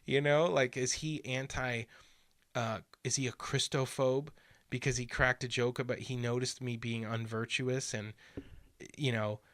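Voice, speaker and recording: Earnest, animated man in dry audio. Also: mid-range voice, a little slow, no room sound. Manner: animated storyteller who acts out quotes; earnest and insistent. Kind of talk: casual podcast chat.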